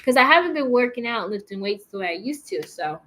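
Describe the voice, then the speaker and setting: A woman's voice: on the high side, animated, brisk, fairly bright tone. A woman vlogging casually, chatting with plenty of fillers and acting out what people said. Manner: chatty, lots of fillers and likes, acts out quotes. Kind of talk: casual storytime chat. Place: apartment in a large city.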